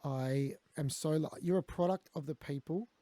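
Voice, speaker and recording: A man's voice: fairly high pitch, normal speed, mellow, dry recording. An Australian man telling candid stories as a guest in a conversation, blunt and peppered with swearing. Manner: blunt, swears, quotes others.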